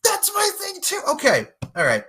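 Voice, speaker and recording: A man's voice: very high-pitched, huge pitch swings, moderate pace, bright, forceful tone. A young man on a podcast, casually recapping a movie with lots of swearing and acted-out character lines. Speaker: podcast co-host.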